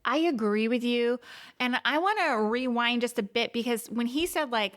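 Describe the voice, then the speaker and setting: Gushing woman podcast co-host, slightly high voice. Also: normal speed, fairly bright tone. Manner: gushing, lots of "like", quotes her own reactions. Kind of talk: casual chat reviewing a movie.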